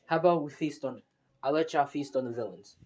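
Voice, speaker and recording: A man doing a calm young vampire lord. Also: a little high, a little fast, natural voice. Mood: resigned.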